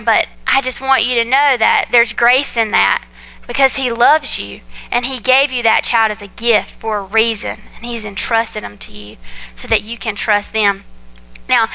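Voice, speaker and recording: Young woman, pastor's wife preaching, high and bright, chatty and animated, talks to the room like friends. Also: smooth, poor audio. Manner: chatty, animated, addresses congregation as y'all. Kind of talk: sermon with personal stories.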